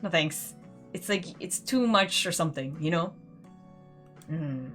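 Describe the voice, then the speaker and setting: A woman's voice: deep voice, expressive, unhurried, pauses often, a bit bright, faint music behind. A woman streaming a game, giving casual, rambling commentary full of "like" and "you know". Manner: chatty, rambling, uses "like" a lot.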